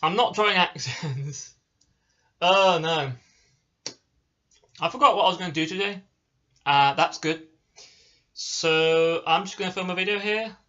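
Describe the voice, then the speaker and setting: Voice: mid-range voice, unhurried, pauses often, pushed and bright, dull audio. A hyperactive, caffeine-wired vlogger rambling casually and restarting sentences. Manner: hyperactive and giggly, restarts often.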